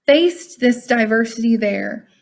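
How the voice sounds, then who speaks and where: A woman's voice: fairly high pitch, takes it slowly, gravelly. A woman teacher, reading a text aloud and explaining it casually to her online class over a video call, sounding tired. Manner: casual, chatty, calls class "y'all".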